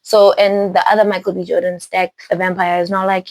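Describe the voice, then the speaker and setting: A woman hosting a casual spoiler recap of a film, talking in an animated, rambling way, with laughs and restarts. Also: fairly low pitch, brisk, hardly any pauses, dry recording, rough recording. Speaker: movie reviewer host.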